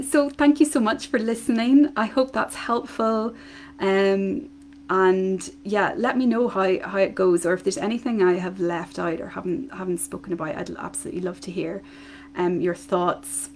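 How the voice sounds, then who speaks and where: Gravelly-voiced woman hosting a parenting podcast. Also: mid-range voice, fairly even intonation, moderate pace, darkish tone, slight background noise. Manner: chatty, many fillers and restarts. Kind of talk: solo podcast talk.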